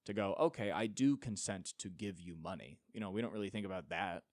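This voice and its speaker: Low-voiced man ranting sarcastically. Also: brisk, darkish tone, no room sound, studio quality. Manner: ranting, sarcastic, profane, mocking voices in quotes. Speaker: podcast host. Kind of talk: solo podcast rant.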